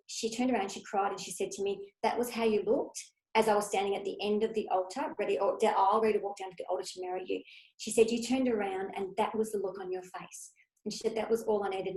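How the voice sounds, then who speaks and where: A woman speaking in a fairly high voice, giving a motivational talk. She tells a story with energy and puts on the voices of its people. The room echoes around her. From Australia. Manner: lively, acts out quoted voices in her story.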